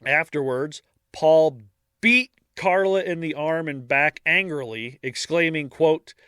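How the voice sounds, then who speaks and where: Male podcast co-host telling a case casually with wry asides; bright voice, dry close sound. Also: on the high side, slow pace, clear, resonant tone, no room sound. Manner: reads case details, breaks off for dark jokes. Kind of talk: casual true-crime narration.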